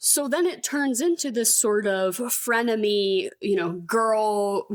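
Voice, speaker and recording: A woman's voice: mid-range voice, slow, no room sound. A woman co-hosting a podcast, casually and animatedly recapping a movie with frequent laughs. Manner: chatty, animated, laughs often. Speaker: podcast co-host. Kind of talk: casual chat recapping a film.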